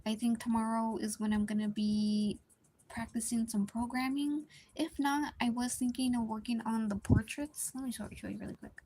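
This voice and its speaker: A young woman chatting casually on a live art stream, talking quietly and rambling with many likes and restarts. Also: steady tone, normal speed, slight background noise. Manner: speaks quietly at low volume, partly whispering. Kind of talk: casual live-stream chat while drawing.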